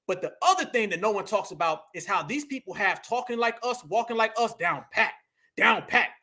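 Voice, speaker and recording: In a high, animated voice that sounds pushed and bright, a man rants through a heated commentary at a fairly quick pace. He hammers his points emphatically, repeats lines, and addresses his audience as family.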